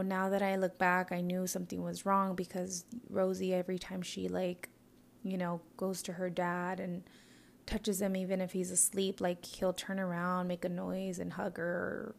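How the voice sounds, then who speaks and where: A young woman telling a personal story in a halting way, full of fillers and often dropping into a whisper, tearful. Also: mid-range voice, vocal fry. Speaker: mother recounting a loss.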